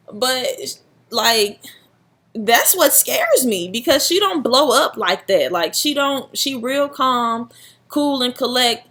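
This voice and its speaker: Young woman vlogger, higher voice, dramatic and slangy storytime telling. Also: pushed and bright. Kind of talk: casual storytime chat.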